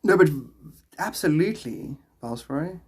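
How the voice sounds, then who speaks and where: A man's voice: fairly high pitch, lively intonation, normal speed, a little mellow, slightly rough. A man with a South African accent, rambling casually on a livestream and answering chat questions aloud.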